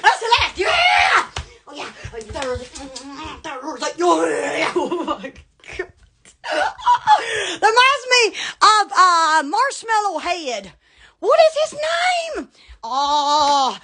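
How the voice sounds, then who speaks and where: Lady on a phone live stream, super high bright voice, giggles and squeals all the time. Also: huge pitch swings, slow. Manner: giggly, exclaims and laughs constantly. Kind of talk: casual live-stream chat.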